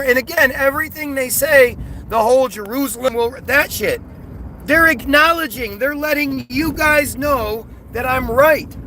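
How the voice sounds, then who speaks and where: A man with a high, bright, sharp-edged voice delivers an agitated, scornful live-stream rant, circling back and repeating himself as he answers viewers. Faint outdoor traffic hums underneath. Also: poor audio. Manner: agitated, scornful, repetitive ranting. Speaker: livestreamer reacting to chat.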